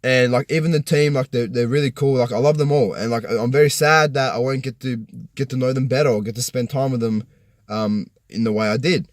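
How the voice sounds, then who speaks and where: A man's voice: medium pitch, fairly even intonation, a little fast, no room sound, clean studio sound. A young man vlogging from a parked car, telling a rambling, profane story full of restarts. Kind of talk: casual personal rant.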